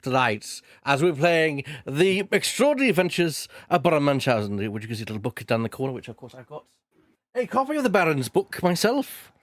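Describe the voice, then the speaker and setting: A man's voice: a little high, big pitch swings, brisk, no room sound. A man doing a pompous old naval admiral. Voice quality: pompous, rambling with many restarts. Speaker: streamer host. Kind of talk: comic in-character role-play.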